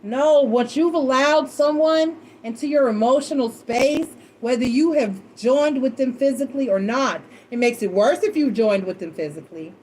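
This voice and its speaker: Brief: high-pitched woman reader, loose emotional chat, salty language. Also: normal speed, few pauses, slight background noise. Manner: animated, emotional and swearing freely. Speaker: tarot reader. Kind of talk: casual storytelling chat.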